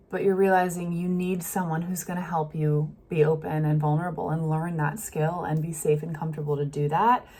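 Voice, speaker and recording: A woman giving a casual tarot reading, talking gently and thinking aloud with many fillers. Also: fairly low pitch. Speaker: tarot reader. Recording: faint street noise behind.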